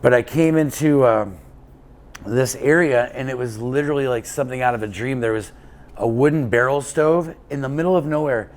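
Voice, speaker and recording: A man's voice: medium pitch, normal speed. Man telling a long road story. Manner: rambling anecdotal telling with many fillers and restarts. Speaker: guest, endurance cyclist. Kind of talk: casual storytelling interview.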